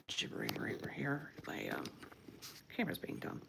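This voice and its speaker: A woman artist talking viewers through a marker drawing on a casual livestream, unhurried and encouraging, often muttering asides under her breath. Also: low voice, big pitch swings, vocal fry, whispered. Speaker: comic artist streaming a marker demo. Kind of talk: casual livestream art tutorial.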